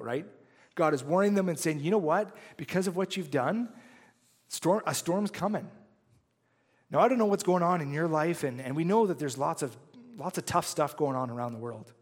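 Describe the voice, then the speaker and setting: A man's voice: a little high, quick pace. Preaching man in a reverberant hall. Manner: earnest, conversational preaching with frequent "right?" asides. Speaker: pastor. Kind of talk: sermon. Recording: long reverb of a large hall.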